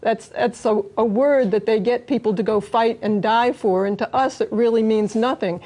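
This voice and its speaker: A woman's voice: on the high side, steady tone, normal speed, warm tone. A woman, a guest in an interview, giving earnest answers and sometimes restarting her phrases.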